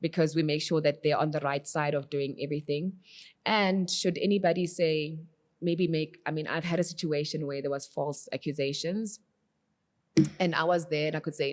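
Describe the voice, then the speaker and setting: A woman's voice: low-pitched, fairly even intonation, normal speed. A middle-aged woman, a guest chatting earnestly about her work as an intimacy coordinator. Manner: earnest, then playful and laughing easily. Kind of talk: casual chat.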